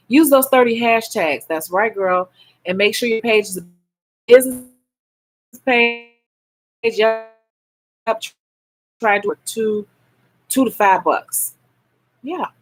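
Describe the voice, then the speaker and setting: A woman's voice: medium pitch, breathy edge. A woman with a Chicago accent hosting a casual live stream as a nail technician, chatting frankly and answering viewer comments.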